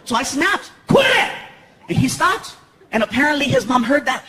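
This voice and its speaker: A man doing stand-up comedy storytelling on stage, acting out characters in animated voices. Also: fairly quick, slight background noise. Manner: animated, acts out characters with high squeaky voices. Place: large theater stage before a laughing audience. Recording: echoey live venue, loud crowd laughter.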